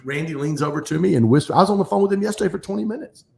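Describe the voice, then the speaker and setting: A man speaking as a guest in a casual podcast conversation, talking in an animated, fast, motivational way. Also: fairly high pitch, creaky. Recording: echoey room.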